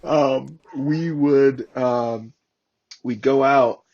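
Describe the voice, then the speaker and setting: A man in his thirties, a former Marine guest on a podcast, telling war stories in a casual, profane, animated way and acting out the voices of the people in them. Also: medium pitch, moderate pace, husky, dull audio. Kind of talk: casual storytelling.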